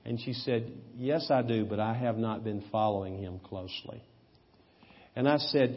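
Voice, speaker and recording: A man preaching a sermon, telling anecdotes with humor and sudden bursts of loud emphasis. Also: mid-range voice, moderate pace, husky, muffled recording. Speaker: pastor. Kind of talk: sermon with storytelling.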